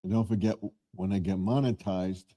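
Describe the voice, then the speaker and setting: A man hosting a casual live stream from his home man cave, talking in a slow, rambling, low-key way. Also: fairly even intonation, warm tone.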